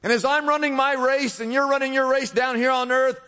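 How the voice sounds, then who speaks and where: A man preaching a sermon to a congregation, calling out to the crowd and swinging between loud emphasis and quiet drops. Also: very high voice, little pitch movement, brisk, clear, resonant tone. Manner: preaching with call-and-response, rising and dropping emphasis. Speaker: pastor. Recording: long reverb of a large hall.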